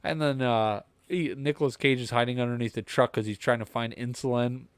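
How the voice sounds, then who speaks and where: A man's voice: mid-range voice, steady tone, fairly quick, smooth, dry recording. A young adult man co-hosting a podcast, chatting casually and rambling with enthusiasm about movies. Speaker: podcast co-host.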